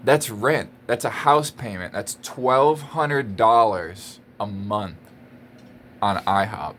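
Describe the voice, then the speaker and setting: A man's voice: lowish voice, slow pace, a bit bright, slight background noise. Exasperated man ranting to camera. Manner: exasperated, emphatic, repeats himself, laughs between lines. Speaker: vlogger. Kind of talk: casual rant to camera.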